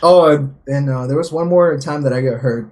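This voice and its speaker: A man's voice: medium pitch, brisk, darkish tone. A young man from Peru telling a story in casual podcast chat, rambling with many filler words and swearing. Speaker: podcast co-host.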